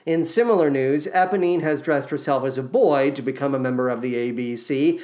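A woman hosting a podcast, recapping a musical's plot with sarcastic, irreverent comedy and quick silly voices. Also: very deep voice, warm tone. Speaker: podcast host.

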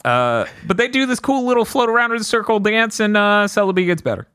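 A man's voice: high-pitched, expressive, brisk, fairly bright tone, clear, resonant tone, dry recording, studio quality. A man hosting a podcast, retelling a film scene by scene in casual chat, acting out the characters' lines and laughing often. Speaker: podcast host recapping a film.

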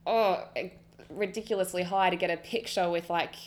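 A woman's voice: on the low side, steady tone, moderate pace. An Australian woman co-hosting a podcast, chatting casually and enthusiastically about a trip. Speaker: podcast co-host. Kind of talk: casual chat.

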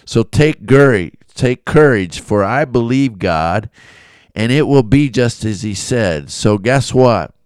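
With a mid-range voice at a slow pace, this pastor preaches a devotional Bible talk built around a personal story, full of animated energy and chuckling often. The sound is clean and echo-free.

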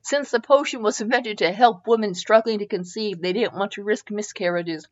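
A woman voicing a calm, grave old male wizard headmaster who speaks in a slow, measured way. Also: mid-range voice, lo-fi sound, natural voice.

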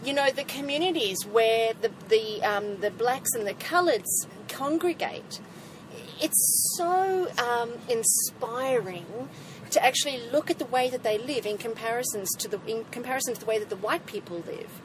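A woman's voice: fairly high pitch, lively intonation, moderate pace, noisy background. A woman from South Africa with a South African English accent, chatting casually and thinking things through at length. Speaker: group discussion participant. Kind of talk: casual chat.

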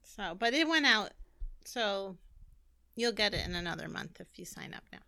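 An American woman co-hosting a podcast in casual chat, playful and quick to joke. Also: medium pitch, animated, creaky, bright, forceful tone, dry recording. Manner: playful, joking, giggly. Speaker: podcast co-host.

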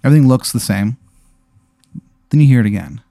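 A man's voice: medium pitch, expressive, brisk, creaky. A man casually telling an improvised hypothetical story, in a laid-back way with lots of fillers.

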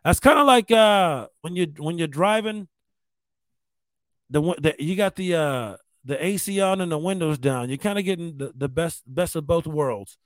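A man's voice: fairly high pitch, animated, normal speed, dry recording. A man who works as a comedian, telling a casual story in a rambling way, with lots of swearing, restarts and fillers.

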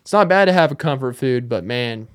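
A man's voice: mid-range voice, expressive, fairly quick. Young man rambling jokingly on a podcast. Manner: joking, rambling, self-mocking. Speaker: podcast host. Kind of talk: casual solo monologue.

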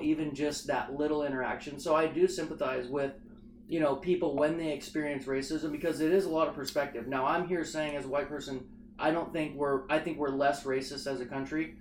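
A man from the United States in casual political chat, telling stories in an animated, emphatic way. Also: a little high, fairly quick. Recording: echoey room, faint background noise.

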